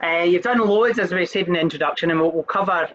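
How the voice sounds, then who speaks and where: A man hosts a casual chat over a video call, friendly and quick to laugh as he reads out fans' questions. His voice is bright and forward, but the line sounds dull and lo-fi. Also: high-pitched. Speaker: host.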